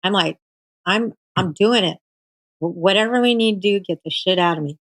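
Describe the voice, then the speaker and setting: A woman guest recounting her cancer treatment in casual storytelling, animated and full of fillers, often quoting her doctors. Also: medium pitch, normal speed, no room sound, low-quality recording.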